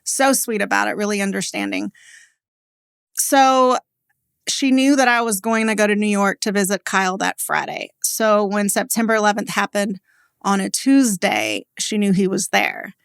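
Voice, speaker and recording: Podcast guest: woman in her forties from Texas, mid-pitched, candid storyteller, chatty fillers, dry close sound. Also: expressive, creaky, smooth, dry recording. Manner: candid and conversational, many "like" fillers, quick laughs. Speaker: guest, business owner. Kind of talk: personal storytelling in a podcast interview.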